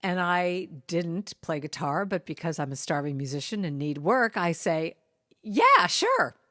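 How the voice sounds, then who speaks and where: A woman's voice: on the low side, moderate pace, no room sound, clean studio sound. A middle-aged woman telling a personal story as a guest speaker, acting out the voices of the people in it. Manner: animated storytelling with quoted voices. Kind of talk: storytelling talk.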